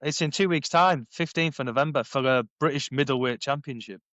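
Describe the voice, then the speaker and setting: A man in his thirties, a former paratrooper, telling his story in a casual podcast interview, animated and acting out quoted dialogue. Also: mid-range voice, brisk, no echo, muffled recording. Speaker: podcast guest, former paratrooper and bare knuckle fighter. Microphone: headphones on, sitting at a podcast mic.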